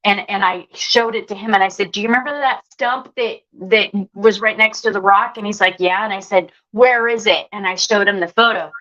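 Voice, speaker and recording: Bright, animated woman storyteller. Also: medium pitch, fairly quick, few pauses, lo-fi sound. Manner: animated, acts out quoted voices. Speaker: guest. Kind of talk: telling a personal story.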